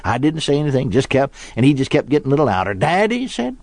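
Folksy preacher with a lively voice. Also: male voice, mid-range voice, very fast, dry recording. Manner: folksy storytelling preacher, acts out quoted voices. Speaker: pastor. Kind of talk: sermon.

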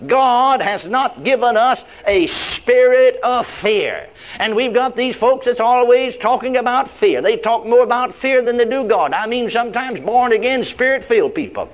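High-voiced preacher with emphatic repetitions. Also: male voice. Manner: emphatic, repeats phrases, drawn-out stresses. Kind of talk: sermon.

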